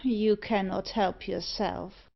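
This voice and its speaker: A cold, commanding demonic stranger in a black cloak, voiced by a woman narrating a storybook. He speaks with peremptory scorn at a medium pitch, and the recording sounds a little muffled. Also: a little slow, close to an everyday voice.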